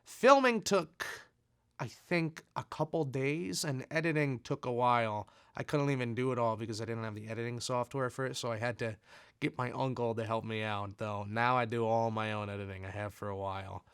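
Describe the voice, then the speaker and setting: A man's voice: mid-range voice, moderate pace, fairly bright tone, clear, resonant tone, dry recording, clean studio sound. Easygoing man chatting over fan mail. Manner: easygoing, self-deprecating, laughs often. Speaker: video creator. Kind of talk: reading fan letters aloud and chatting.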